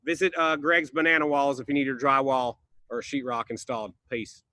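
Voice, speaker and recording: A man's voice: medium pitch, little pitch movement, a little fast, pushed and bright, no room sound, natural voice. A man playing Greg, a goofy drywall installer, rambling and confused through an improvised comic slideshow on a video call. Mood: puzzled. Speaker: presenter in a slideshow game.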